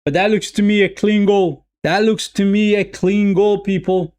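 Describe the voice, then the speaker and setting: A man's voice: high voice, moderate pace. A man streaming a live football watch-along, calling the play loosely, repeating lines and talking straight to his viewers. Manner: excitable, talks to viewers as "people".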